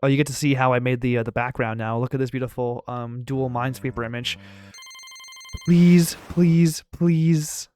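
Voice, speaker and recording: A man's voice: mid-range voice, level tone, fast, hardly any pauses, smooth. A man giving let's-play commentary on a puzzle game, talking to the game and repeating short phrases. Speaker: gaming YouTuber.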